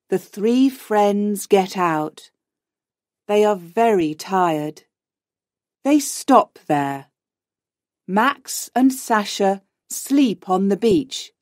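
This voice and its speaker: Very slow, clear woman narrator. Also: medium pitch, darkish tone, dry recording, clean studio sound. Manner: slow, clear, simple reading. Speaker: audiobook narrator. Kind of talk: graded reader narration for learners.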